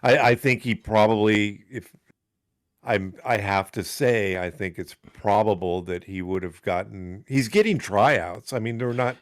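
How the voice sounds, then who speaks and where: A man co-hosting a podcast in casual chat, hesitant with fillers and quick to laugh. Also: on the low side, dry recording, clean studio sound. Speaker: podcast co-host.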